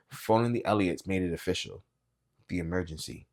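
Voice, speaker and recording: A man reading a novel aloud as a booktube reader, with quiet, low-key, even narration. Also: fairly quick, husky.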